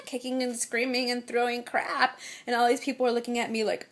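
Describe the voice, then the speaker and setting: Chatty young mother with a brightish voice. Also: a little high, level tone, fairly quick, hardly any pauses. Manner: chatty, exasperated storytelling with mock-quoted voices. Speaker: mother vlogging. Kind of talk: casual chat to camera.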